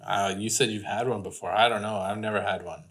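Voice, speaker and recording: A man co-hosting a podcast in casual chat, easygoing and quick to laugh. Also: on the low side, steady tone, a bit bright, breathy edge. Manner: jokey, laughs often, easygoing. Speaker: podcast co-host.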